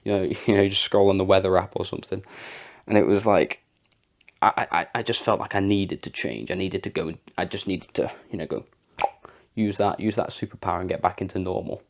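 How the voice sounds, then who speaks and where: A man's voice: sits low, a little fast. A young man giving a rambling, chatty motivational talk, full of fillers, with a sore throat. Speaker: vlogger. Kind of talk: casual motivational talk to camera.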